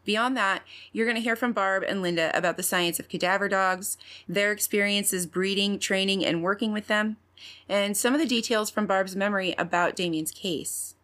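A woman's voice: mid-range voice, normal speed, fairly bright tone. A woman hosting a true-crime podcast, narrating and interviewing in a candid, chatty way. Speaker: podcast host.

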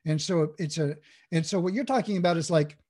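Interview guest, male, husky and fairly high, reflective coach who restarts as he thinks. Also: a little fast, a little mellow. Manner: thoughtful, with frequent restarts. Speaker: guest, mindful communication coach. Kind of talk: reflective conversational explanation.

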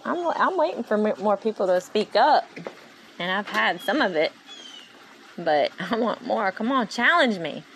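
A woman hosting a solo faith-driven motivational podcast, speaking in an animated, rambling, preachy way. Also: medium pitch, a little slow, a little hiss or hum, low-quality recording. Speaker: podcast host. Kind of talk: solo inspirational podcast monologue.

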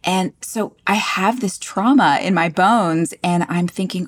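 Woman in her 40s, from down south, chatty and lively, tells her stories with a bit of a laugh at herself, lowish voice. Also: unhurried, hardly any pauses. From southern United States. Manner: lively storyteller, expressive and self-deprecating. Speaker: guest. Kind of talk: casual chat.

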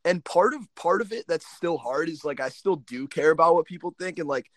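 Young man, halting and fidgety. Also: fairly high pitch, fairly bright tone, no echo. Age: young adult. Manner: hesitant, many restarts and likes. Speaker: guest, college student. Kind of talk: casual podcast chat.

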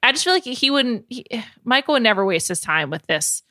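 Woman cohosting a podcast, bright voice that swoops all over, dry close sound, opinionated and emphatic. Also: a little high, very animated, fairly quick, dry recording. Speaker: podcast co-host. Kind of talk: casual chat and read ads.

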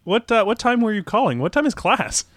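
A man hosting a casual comedy podcast, prodding the storyteller with quick curious follow-up questions. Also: high voice, sing-song, fairly bright tone, no echo, clean studio sound.

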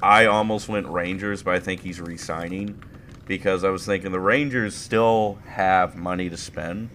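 Man, podcast co-host, low voice, animated, profane banter, faint hiss. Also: moderate pace. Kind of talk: casual sports chat.

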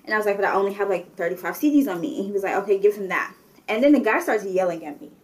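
A young woman chatting casually, telling an animated story with lots of filler words. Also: mid-range voice, very fast. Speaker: guest telling a travel story. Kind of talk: casual chat.

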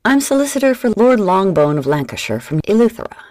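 A woman's voice: mid-range voice, very animated, fast talker, a little mellow, no room sound, pitched above the performer's own voice, close to an everyday voice. A woman voicing a soaked, miserable male solicitor speaking stiffly and formally.

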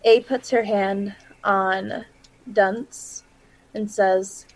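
A woman's voice: mid-range voice, steady tone, drawn-out words, low-quality recording. A woman playing a tabletop game, describing her figure's actions and thinking aloud. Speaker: player. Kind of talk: casual tabletop game talk.

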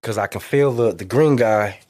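Recorded in studio quality with no echo, a middle-aged guest spins a story at moderate speed. His talk is slangy and full of swearing, and he animatedly acts out quotes with big leaps in his voice.

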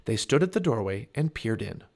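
A man reading a children's chapter book aloud, with expressive storybook narration. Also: fairly low pitch, moderate pace, gravelly. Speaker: family podcast reader.

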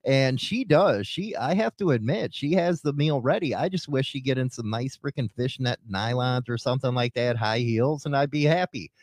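A man's voice: medium pitch, expressive, moderate pace, few pauses, a little mellow, no echo, clean studio sound. A man with a New York accent hosting a radio talk show, rambling and joking with lots of fillers. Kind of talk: casual radio banter.

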